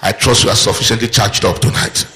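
A man preaching a fervent sermon, repeating declarations and breaking into shouts. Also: fairly low pitch, moderate pace, reverberant. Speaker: pastor. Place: church service.

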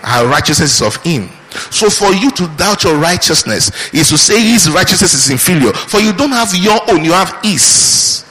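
Animated pastor preaching in a hall. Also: male voice, sits high, moderate pace, hardly any pauses. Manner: animated preaching with mimicked prayers and rhetorical questions. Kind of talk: sermon. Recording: reverberant hall.

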